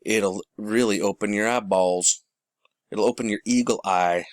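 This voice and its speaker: A man's voice: on the low side, measured pace, no echo, clean studio sound. A man hosting a rambling commentary show, talking casually to his viewers and calling them folks.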